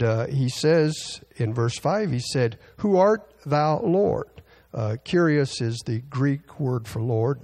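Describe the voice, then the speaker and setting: Man, preacher, Bible teaching, mellow dark tone, gravelly, stops and restarts often. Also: medium pitch. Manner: halting, many fillers and restarts, reads scripture aloud.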